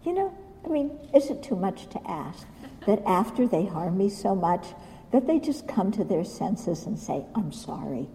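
A woman giving a Buddhist dharma talk, animated and self-mocking, often laughing at her own stories. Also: medium pitch, moderate pace, long reverb tail, poor audio. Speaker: Buddhist teacher.

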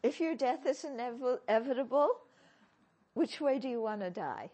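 A woman teaching as a Buddhist teacher in a dharma talk, questioning her listeners with gentle humor. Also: a little high, expressive, moderate pace.

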